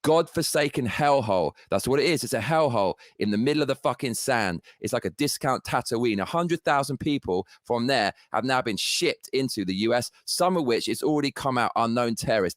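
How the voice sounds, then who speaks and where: A man's voice: mid-range voice, dry recording, clean studio sound. Furious, foul-mouthed man ranting. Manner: profane, heated, sarcastic ranting. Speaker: political commentator. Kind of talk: angry political rant.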